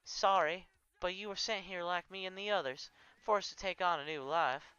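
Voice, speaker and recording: A man voicing a kind, hulking warrior woman with a Southern US accent and a gentle, soothing manner. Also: sits high, normal speed, clear, resonant tone, no room sound, muffled recording. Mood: consoling.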